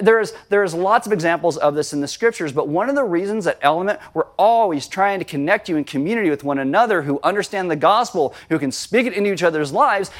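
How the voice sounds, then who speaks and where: A man preaching a sermon as pastor, animated and conversational, reading scripture and acting out quotes. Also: high-pitched.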